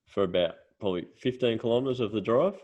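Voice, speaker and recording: A man's voice: lowish voice, fast, darkish tone, dull audio. A young Australian man co-hosting a casual podcast, telling stories with lots of swearing and laughter. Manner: storytelling, swears freely, laughs while telling. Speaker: podcast co-host. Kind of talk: casual chat.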